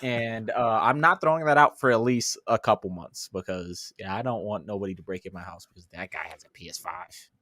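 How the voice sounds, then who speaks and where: A young man from the New York City area, a podcast co-host, telling a story in casual chat, animated and swearing as he acts out his own reactions. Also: on the low side, a little fast, no echo, clean studio sound.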